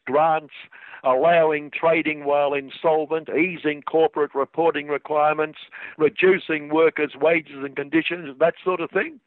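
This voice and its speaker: A man's voice: on the high side, dry recording. A man delivering scripted satirical commentary on the radio, with a dry, sarcastic manner. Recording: tinny phone-like radio sound.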